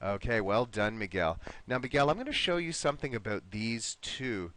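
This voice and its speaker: A man's voice: fairly low pitch, animated, normal speed, few pauses, fairly bright tone, no echo. A man teaching an online English lesson, patiently encouraging his students and modeling pronunciation word by word.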